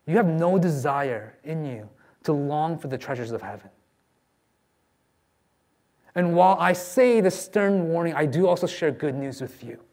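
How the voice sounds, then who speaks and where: A man's voice: fairly high pitch, expressive, measured pace, long pauses, darkish tone. A man preaching a sermon as a pastor, earnest and pleading with his listeners.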